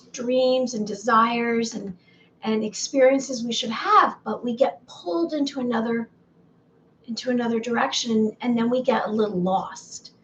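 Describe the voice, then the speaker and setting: A woman's voice: fairly high pitch, a little hiss or hum, rough recording. A woman talking casually in a spiritual vlog, meandering, correcting herself, and asking her viewers questions. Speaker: spiritual vlogger.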